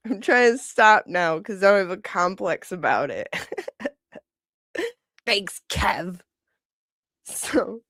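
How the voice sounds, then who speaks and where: A woman's voice: medium pitch, lively intonation, slow, long pauses, a bit bright, dry recording, clean studio sound. A woman in her forties hosting a casual livestream, rambling, chuckling often and reading out viewer comments. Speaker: livestream host.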